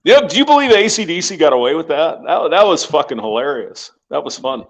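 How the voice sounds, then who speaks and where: Man, rowdy banter co-host, bouncy high voice, laughs a lot. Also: fairly quick. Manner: laughs a lot, teasing, lively. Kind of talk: casual crude banter.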